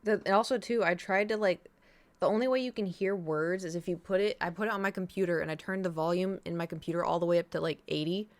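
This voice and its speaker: A woman streaming live, telling a rambling story to her chat in a casual, animated way. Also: lowish voice, quick pace. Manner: chatty, rambling, animated retelling.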